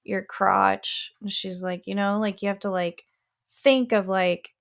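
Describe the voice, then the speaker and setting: A woman co-hosting a casual podcast, her voice deeply gravelly with constant vocal fry. She rambles loosely, piling up fillers and restarting her sentences as she talks. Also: fairly even intonation, measured pace. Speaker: podcast co-host. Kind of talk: casual chat.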